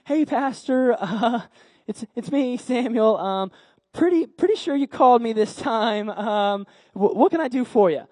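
A man's voice: very high voice, animated, measured pace, mellow, dry recording, exaggerated voice. A bashful teenage boy stammers and giggles through his words, as a preacher acts him out. He sounds eager but unsure, with an awkward, hesitant rhythm. The recording is close and dry. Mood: sheepish.

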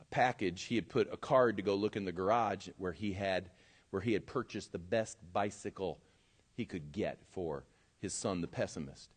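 A man preaching a sermon as pastor and telling a story, swinging from loud emphasis to quiet asides. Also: low voice.

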